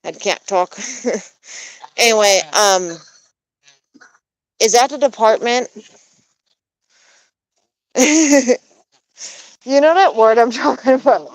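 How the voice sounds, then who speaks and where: A woman's voice: on the high side, takes it slowly, pauses often, no room sound, rough recording. A woman in her thirties who grew up in Germany as an American, chatting casually to viewers, laughing often and filling her talk with ums and restarts. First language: bilingual German and English. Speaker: backyard poultry vlogger.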